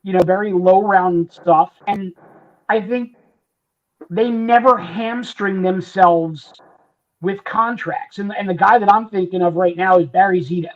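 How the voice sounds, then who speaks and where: A man's voice: high-pitched, a little slow. A man co-hosting a casual sports podcast, making emphatic points and leaning on "I mean". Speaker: podcast co-host. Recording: dull lo-fi audio.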